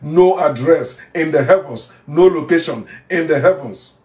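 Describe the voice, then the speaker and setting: A man's voice: a little high, moderate pace, a little mellow. Combative Nigerian man ranting in an echoey room. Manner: preachy, combative, repeats phrases for emphasis. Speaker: former pastor turned online commentator. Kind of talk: heated monologue rant to camera. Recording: echoey room, voice from a distance off the mic.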